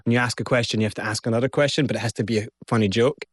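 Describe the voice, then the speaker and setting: A man's voice: medium pitch, racing, no echo, studio quality. A man from Scotland with a Scottish accent, a guest telling his story in an interview and acting out what people said. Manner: animated, acts out quotes.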